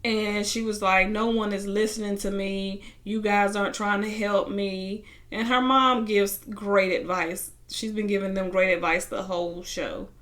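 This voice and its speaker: A woman's voice: mid-range voice, unhurried, few pauses. A young woman casually recapping a reality show, retelling scenes and acting out what people said. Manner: animated retelling, acting out quotes, bursts of laughter.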